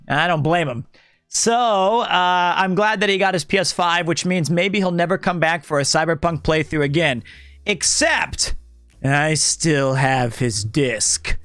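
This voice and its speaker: Loud, bright-voiced man chatting on stream. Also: high voice, normal speed, no echo, soft background music. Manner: loud, projecting, animated talker. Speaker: streamer reading chat. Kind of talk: casual live-stream chat.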